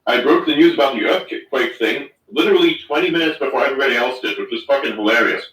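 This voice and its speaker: Guy hosting a voice chat room, rambly and sweary, bright edgy tone, echoey far-off sound. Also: mid-range voice, expressive, fast talker. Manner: rambling, swears, many fillers. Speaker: host of an online audio space. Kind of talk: casual chat. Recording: roomy, distant online audio.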